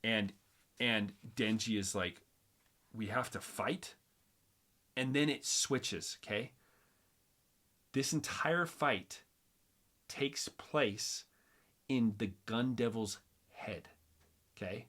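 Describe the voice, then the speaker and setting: A man's voice: on the low side, takes it slowly, long pauses. Guy on a chill chat show, gets worked up retelling a scene, keeps restarting sentences. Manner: animated retelling, acts out quotes, many restarts. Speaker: host. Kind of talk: casual chat.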